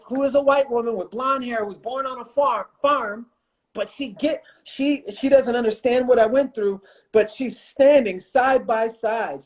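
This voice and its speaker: A man's voice: very high voice, darkish tone. Passionate man, repeating lines for emphasis. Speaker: guest, motivational speaker and coach. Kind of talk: impassioned conversation on a livestream. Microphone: phone or computer mic on a livestream.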